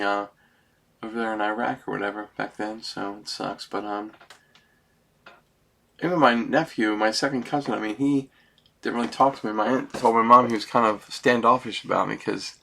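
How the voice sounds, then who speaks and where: A middle-aged man pours out his feelings in a rambling personal vlog. He sounds close to tears and keeps dropping "man" at the ends of sentences. His voice sits at an ordinary middle pitch. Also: gravelly, a bit bright. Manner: rambling, emotional, says "man" often.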